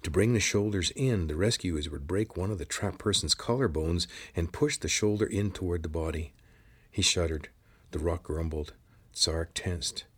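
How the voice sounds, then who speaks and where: Male audiobook narrator, low and husky, measured storytelling. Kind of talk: scripted narration.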